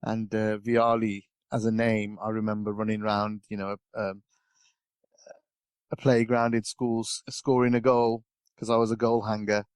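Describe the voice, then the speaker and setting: A man talks in a relaxed, rambling way, full of ums and restarts. His voice sits fairly low, and the recording is dry and close with no room sound. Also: measured pace, clear, resonant tone, dry recording. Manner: rambling, chatty, lots of fillers and restarts. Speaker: guest pundit. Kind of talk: casual podcast chat.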